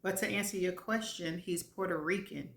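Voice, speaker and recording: A woman's voice: fairly low pitch, normal speed, vocal fry, fairly bright tone. A woman voicing a sassy, bossy middle-aged female best friend who teases and scolds bluntly. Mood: teasing. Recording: roomy echo.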